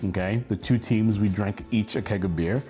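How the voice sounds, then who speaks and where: With soft music in the background, this man in his forties tells a humorous college tale at normal speed in a lowish voice. His delivery is lively and casual, full of laughter and impressions of the characters he quotes.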